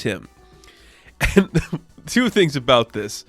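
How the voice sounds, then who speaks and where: A man's voice: mid-range voice, big pitch swings, takes it slowly, fairly bright tone, no room sound, faint music behind. A man giving a casual, enthusiastic spoken review of a comic book, full of "like" fillers. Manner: chatty, enthusiastic, frequent "like" fillers.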